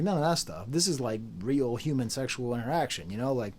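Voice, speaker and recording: A young adult man giving a casual, jokey album review, animated and quick to laugh and mimic. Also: medium pitch. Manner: sings and beatboxes drum patterns. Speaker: music reviewer.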